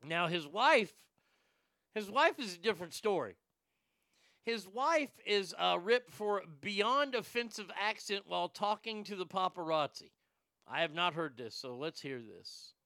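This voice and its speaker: A man's voice: high voice, animated, a little slow, dry recording, clean studio sound. Ranting foul-mouthed male host. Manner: crude, ranting, loud bursts. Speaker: show host. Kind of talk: profane casual commentary.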